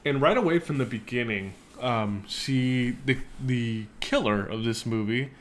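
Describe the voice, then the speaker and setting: A man's voice: medium pitch, a little slow, slight background noise. A man co-hosting a casual movie review chat, chatty, laughing often and swearing freely. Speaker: podcast co-host.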